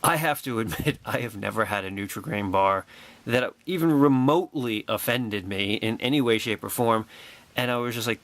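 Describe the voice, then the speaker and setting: Animated man telling a wry story. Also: fairly low pitch, normal speed, no echo. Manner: animated, excitable, wry and sarcastic. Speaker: vlogger. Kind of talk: personal anecdote storytelling.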